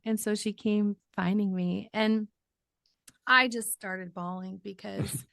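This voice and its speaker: A middle-aged woman, a podcast guest, telling her personal story in an animated way and acting out the voices in her quotes. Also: medium pitch, slow pace, creaky, dry recording, clean studio sound. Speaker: podcast guest, author and ministry founder.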